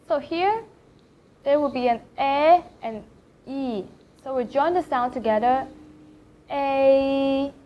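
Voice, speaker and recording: Slow high-voiced woman teaching pronunciation. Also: slight background noise. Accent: Thai. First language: Thai. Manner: slow, careful demonstrations of vowel sounds. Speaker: Chinese language teacher. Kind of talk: pronunciation lesson. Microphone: camera facing the speaker. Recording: slightly dull lo-fi sound.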